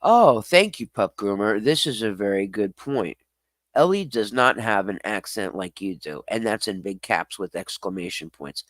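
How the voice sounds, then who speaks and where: A man's voice: fairly low pitch, animated, normal speed, a bit bright, no room sound. A man streaming live, reading chat comments aloud and answering them bluntly. He swears freely, laughs often and talks straight back to his viewers.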